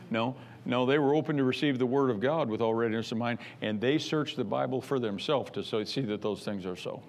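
A male pastor preaching a sermon in an emphatic, repetitive way, rising into loud bursts. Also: medium pitch, brisk, slight background noise.

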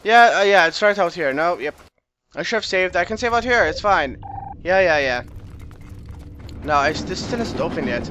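A young man chats through a video game playthrough, joking and reacting as he goes. His voice sits high and sounds bright and forceful. The delivery is loose and casual commentary. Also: lively intonation, moderate pace, long pauses, slight background noise. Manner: chatty, goofy, reacts out loud. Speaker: let's play gamer.

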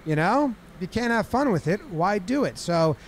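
A man breaking down baseball game footage in a lively, casual way, acting out what the players say. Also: high-pitched, moderate pace, a loud crowd. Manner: animated, acts out players' lines in exaggerated voices. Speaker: baseball commentator.

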